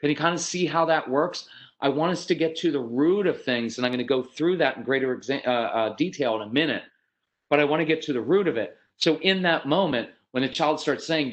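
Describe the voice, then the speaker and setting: A man's voice: mid-range voice, brisk, low-quality recording. A man giving parenting advice on a video call, in an unscripted and conversational way. He thinks aloud, loosely, with fillers. He sometimes acts out parents and kids in short bursts. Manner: conversational, often eyes closed, acts out child and parent voices. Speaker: parenting speaker. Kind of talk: parenting talk over online video call.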